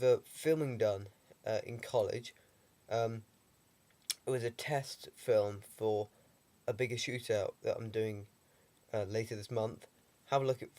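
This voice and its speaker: A man's voice: mid-range voice, a little mellow. A young man with a heavy cold, talking through a casual video diary with dry, rambling humour and lots of ums. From England. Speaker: vlogger.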